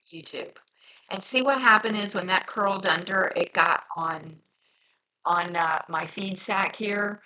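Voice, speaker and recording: A woman's voice: fairly low pitch, bright, forceful tone, poor audio. A woman with a light Southern twang, chatting in a rambling way while she crafts on her vlog. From near Cincinnati, across the Ohio border. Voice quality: rambling, chatty, full of fillers. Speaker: journaling crafter. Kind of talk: casual crafting vlog chat.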